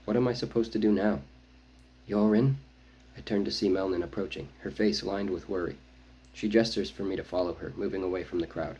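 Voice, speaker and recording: A man reading his own novel aloud, first-person audiobook narration with a measured, brooding delivery. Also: low voice, steady tone, a little mellow, husky, muffled recording.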